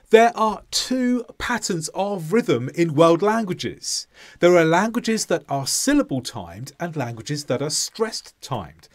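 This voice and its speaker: Male English teacher, scripted lesson read slowly and carefully, a lively rising and falling voice. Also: on the high side. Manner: slow, deliberate, clearly stressed delivery with modelled example sentences.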